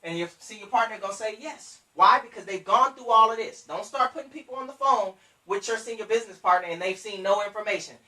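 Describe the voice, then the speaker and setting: A bright, forceful coaching voice that drives each point home, repeating and speaking straight to the audience. The voice sits back from the mic, and the room around it rings with echo. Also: mid-range voice, fast talker, hardly any pauses, far from the mic. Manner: emphatic, repetitive, coaching directly to listeners. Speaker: business trainer. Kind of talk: motivational sales coaching.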